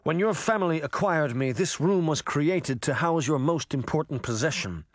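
A man voicing a calm, cold male villain who speaks in a measured, detached way. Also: on the high side, no room sound, clean studio sound, close to an everyday voice.

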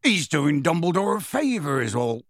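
A man voicing a big, gruff gamekeeper who answers testily and bluntly. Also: fairly high pitch, sing-song, a little slow, dry recording, clean studio sound, pitched above the performer's own voice, exaggerated voice. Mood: testy. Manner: testy, scathing, blunt.

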